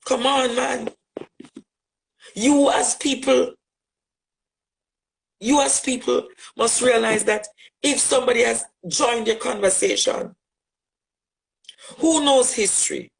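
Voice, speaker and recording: A man's voice: very high-pitched, creaky, rough recording. Impassioned Jamaican man, repeating phrases. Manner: forceful, rhetorical, repeats phrases for emphasis. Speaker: social media commentator. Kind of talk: impassioned direct address.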